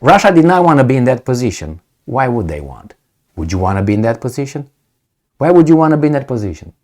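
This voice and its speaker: A man's voice: medium pitch, very animated, fast talker, a little mellow. A man giving solo video commentary, sarcastic and mocking, firing off rhetorical questions. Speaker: political commentator.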